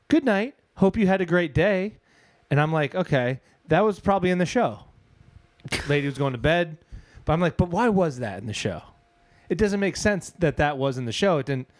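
A young man chatting casually as a podcast co-host, telling an animated story and laughing often. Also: mid-range voice, dry recording. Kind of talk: casual chat.

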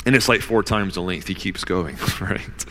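A man preaching a sermon as pastor in a casual, conversational way with fillers, slowing down hard for emphasis. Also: low voice, fairly bright tone. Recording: long hall reverb.

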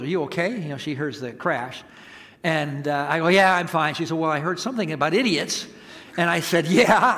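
A man preaching a sermon, telling a self-mocking personal story with drawn-out emphasis. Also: a little high, a bit bright. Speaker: pastor. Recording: long hall reverb.

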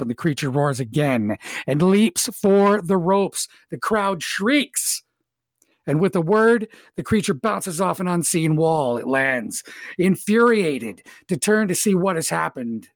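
A man's voice: on the high side, no room sound, clean studio sound. A man hosting a tabletop game as dungeon master, narrating scenes vividly and speaking to the players as "you".

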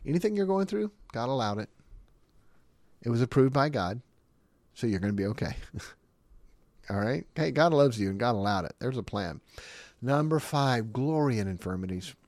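A man preaching a sermon, emphatic and animated, often laughing between his points. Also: mid-range voice, dry recording. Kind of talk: sermon teaching.

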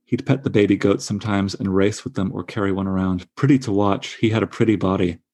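A man's voice: fairly low pitch, steady tone, fast, a little mellow. A man in his thirties leading a casual literary discussion, enthusiastic and stumbling over restarts. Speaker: discussion leader.

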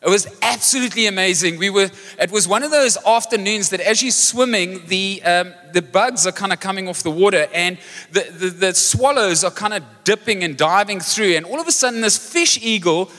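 A man preaching a sermon as pastor, animated and joking as he tells a story. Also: high-pitched, fairly quick. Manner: energetic, animated storytelling with jokes. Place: large church hall. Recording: live church hall reverb with music.

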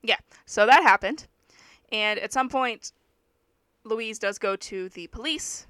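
A young woman telling a story in a casual podcast chat, with many fillers and lively asides. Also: fairly high pitch, slow pace, no room sound. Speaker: podcast co-host. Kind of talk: casual true-crime chat, reading aloud.

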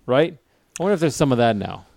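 A man's voice: medium pitch, big pitch swings, fast talker, creaky, a little mellow, no room sound. Casual bantering man, dry close sound. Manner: riffing, acts out others in quoted voices.

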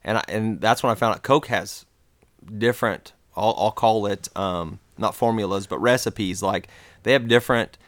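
A man from the United States talks on a podcast in a low voice, loose and rambling, with plenty of fillers and restarts. The sound is close and dry, with no room around it. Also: moderate pace, fairly bright tone, no room sound. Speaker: podcast co-host telling a travel story. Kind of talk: casual conversational storytelling.

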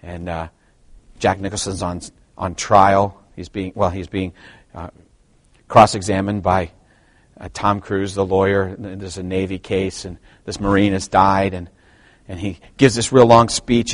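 A middle-aged man preaching a sermon to his church, swinging from quiet asides to loud, emphatic passages. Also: low-pitched, little pitch movement, unhurried, no room sound. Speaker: pastor.

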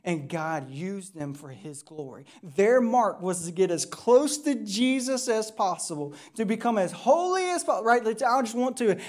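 A woman's voice: mid-range voice, lively intonation, measured pace, hardly any pauses, darkish tone. A woman pastor from the United States preaching a sermon in a conversational style, often checking in with "right?".

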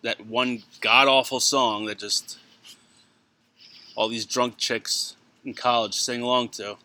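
Joking chatty man, very bright voice. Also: mid-range voice, steady tone, takes it slowly. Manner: chatty, joking, laughs while talking. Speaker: podcast co-host. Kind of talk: casual chat.

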